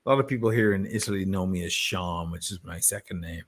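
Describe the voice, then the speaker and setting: An Irish man talking as a guest in a casual chat, telling stories in an animated way and swearing freely. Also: deep voice, quick pace. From Ireland.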